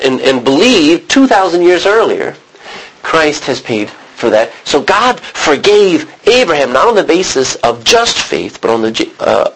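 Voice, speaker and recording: An American man teaching a Bible sermon in a conversational way, often restarting and clearing his throat. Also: a little high, fairly bright tone, poor audio. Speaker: preacher.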